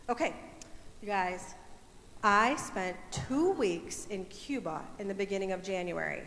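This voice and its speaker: A woman's voice: mid-range voice, a little slow, gravelly, a bit bright, slight background noise. A young woman leading a children's message in church, playful and coaxing the kids to join in. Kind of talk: children's sermon, teaching kids. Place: church sanctuary. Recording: echoey hall, faint room ambience.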